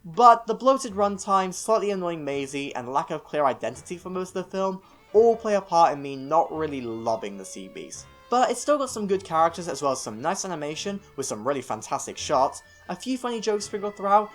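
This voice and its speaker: Opinionated British man with lively pitch. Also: a little fast, faint music behind. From United Kingdom. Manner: opinionated, self-mocking, rambling asides. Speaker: film reviewer. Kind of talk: scripted video review.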